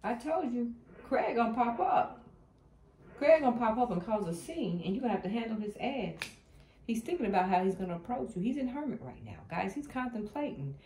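A woman giving a tarot reading to her viewers, animated and blunt, cursing freely. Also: on the high side, a little fast. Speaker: tarot reader. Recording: echoey room with faint noise.

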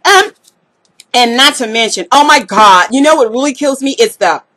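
Staying in character for her comedy vlog, a Southern US woman becomes a jealous, gossipy, brash party girl who talks sassy, slangy trash. Her voice sits high and sounds pushed and bright, expressive, at a moderate pace.

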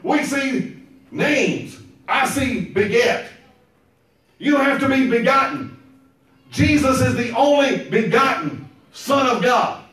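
A man preaching a sermon, emphatic and repetitive, now and then breaking into shouts. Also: very high voice, lively intonation, slow pace, long pauses. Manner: emphatic, repeats phrases, bursts into shouts. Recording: very echoey room, mic far off.

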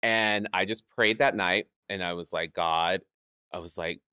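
Animated drag performer telling stories. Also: male voice, deep voice, a little slow, clean tone, dry recording, clean studio sound. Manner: animated, acts out quoted voices, laughs often. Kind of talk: storytelling in a studio interview. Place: podcast studio.

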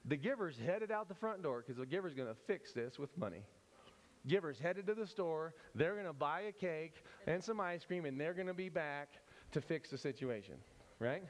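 A man teaching at a church service, animated and playful, often breaking off and restarting as he acts out examples. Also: on the high side, slight background noise. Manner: animated, self-interrupting, playful. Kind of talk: church teaching with acted-out scenes.

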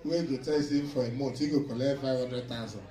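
A male stand-up comedian with a Nigerian Pidgin accent, telling a story in an animated way and acting out other voices. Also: mid-range voice, fast talker, reverberant, distant mic. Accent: Nigerian Pidgin English. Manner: animated, acts out voices, laughs often.

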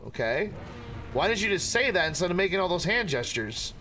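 A man gaming streamer giving let's play commentary, excitable, often yelping, apologizing and swearing when something startles him. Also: high voice, fairly quick, slight background noise.

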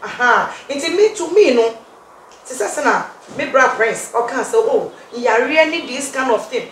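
A woman's voice: high voice, animated, moderate pace, fairly bright tone. A woman on a discussion panel, talking animatedly and laughing often as she makes her points. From Ghana. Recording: echoey room with faint noise.

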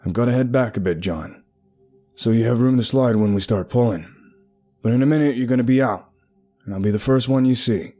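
A man playing an experienced cave rescuer who talks in a brisk, impatient way. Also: mid-range voice, mellow, faint music behind, voice pushed up, lightly acted. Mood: urgent.

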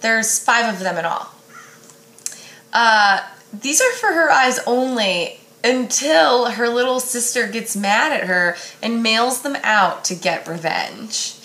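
Bright-voiced woman recommending a book. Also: fairly high pitch, lively intonation, takes it slowly. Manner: upbeat, casual, with filler ums. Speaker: school librarian. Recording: echoey room.

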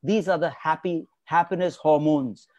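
A man's voice: on the high side, normal speed, a little mellow, no room sound. A man giving an emphatic motivational talk as a guest expert, repeating key words for stress. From India.

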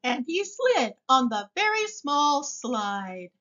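A woman reading a picture book aloud for young children in a slow, expressive way. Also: high voice, highs cut off. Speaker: storybook reader.

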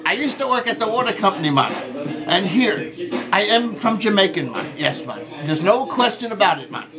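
A man voicing a jokey male character called Cotton Man, who rambles, keeps saying "man" and "see", and shouts greetings in a homemade birthday video. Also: sits high, sing-song, a little fast, music in the background. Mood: rambling cheerful.

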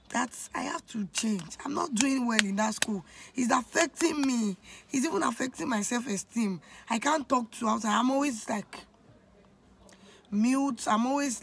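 A woman's voice: a little high, measured pace, slight background noise. A young Nigerian woman in her twenties tells a personal story on her vlog, confiding and emotional, often turning to speak straight to her viewers. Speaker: vlogger.

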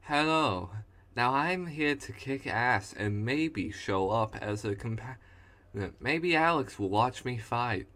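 A man's voice: mid-range voice, animated, slow pace, sharp tone. A man voicing a cocky fighter who taunts smugly. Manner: smug, taunting.

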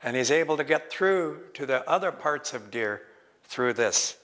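A man telling traditional stories at a lecture, slow and deliberate with many pauses. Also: medium pitch, animated, fairly bright tone, a little hiss or hum. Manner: slow, deliberate, pausing often. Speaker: traditional storyteller. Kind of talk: traditional oral storytelling at a lecture. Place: lecture hall. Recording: long reverb of a lecture hall.

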